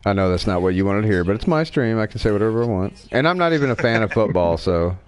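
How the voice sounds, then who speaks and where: A man from Wyoming, USA, with a slight Southern US accent hosts a casual gaming livestream, chatting and joking as he narrates his play. His voice is lowish, smooth, and animated, and he talks at a quick pace.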